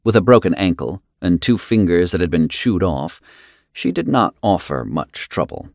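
Low-voiced male audiobook narrator, grave and steady, dry close sound. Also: normal speed, gravelly, no echo.

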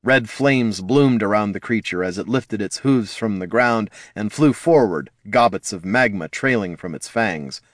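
A man narrating a fantasy audiobook in a measured storytelling manner. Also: fairly low pitch, animated, no echo, clean studio sound. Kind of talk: scripted narration.

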